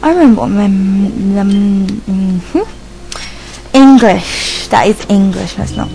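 A woman giving rambling casual commentary while playing a video game, chatting to her dog and reacting out loud. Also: medium pitch, takes it slowly, gravelly, low-quality recording. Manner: excitable, yelps and squeals at the game. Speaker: let's play gamer.

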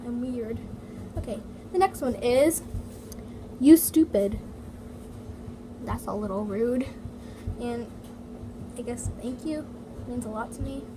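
Her voice on the high side, a female toy vlogger speaks unhurriedly and pauses often as she casually reads comments. She's in her home basement, using "like" and "so yeah" constantly, recording on an iPad mini while a heater runs and hums through the noisy audio.

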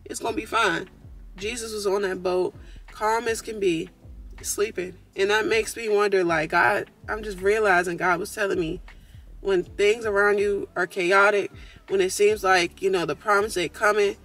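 Woman, faith vlogger, earnest preachy talk to viewers, in a car, mid-pitched voice. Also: fairly even intonation, normal speed, a bit bright. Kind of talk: casual faith encouragement talk.

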